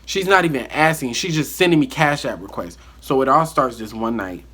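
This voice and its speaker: A man telling a story from his life in a casual vlog monologue, animated and acting out the dialogue. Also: mid-range voice, brisk, slightly rough.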